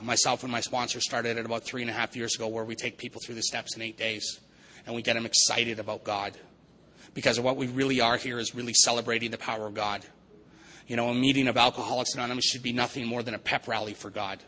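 Earnest, bright-voiced man preaching. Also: mid-range voice, flat delivery, fast talker, poor audio. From Vancouver area, Canada. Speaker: recovery meeting speaker. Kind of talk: recovery testimony speech.

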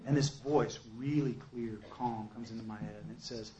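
A man giving a personal testimony at a recovery meeting, an emphatic storyteller who swings between loud outbursts and hushed asides. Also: mid-range voice, fairly even intonation, normal speed, dull audio, slight background noise.

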